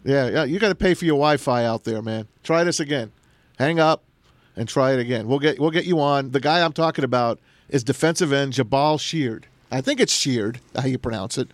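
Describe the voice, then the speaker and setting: A man hosting a casual sports talk show, chatting with animated, teasing banter. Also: mid-range voice, a little fast, no room sound.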